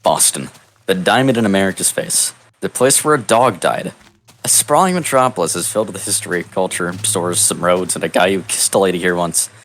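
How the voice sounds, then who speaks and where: A man narrating an improvised comedic text adventure in a deadpan, mock-epic storybook manner over a voice call. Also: sits low, a little fast. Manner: deadpan, absurd storybook delivery. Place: online voice call.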